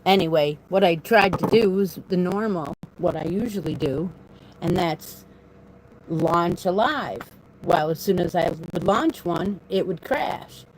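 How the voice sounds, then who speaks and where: A crochet channel host with a lowish voice speaks unhurriedly on a casual live stream, rambling and laughing often. She talks into a phone propped on her desk in a room at home, and the rough recording has a little hiss or hum.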